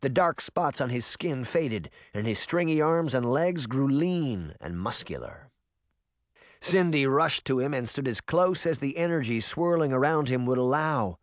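A man narrating a fantasy audiobook in an expressive reading voice. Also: medium pitch, measured pace, no echo, clean studio sound. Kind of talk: scripted narration.

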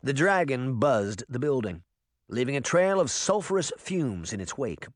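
Man, audiobook narrator, expressive, animated pitch, dry recording. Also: normal speed, dry recording. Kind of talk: scripted narration.

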